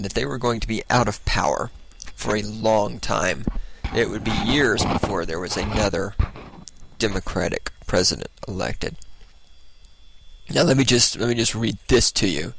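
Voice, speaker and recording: A man's voice: fairly low pitch, gravelly, fairly bright tone, husky, no echo, rough recording. A man giving a blunt, sarcastic political monologue as host, laughing at his own jokes.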